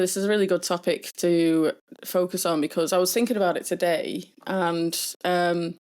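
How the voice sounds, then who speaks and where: A young woman telling stories in a casual podcast chat, full of fillers and high-pitched mimicry. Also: darkish tone. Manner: chatty storyteller with many fillers, mimics people in a high voice. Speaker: podcast co-host.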